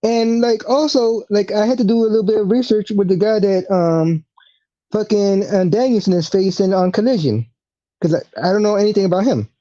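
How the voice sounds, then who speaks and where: Podcast co-host, mellow tone, hesitant chatty delivery, muffled lo-fi recording. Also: medium pitch, fairly quick. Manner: hesitant, filler-laden agreement. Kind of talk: casual chat.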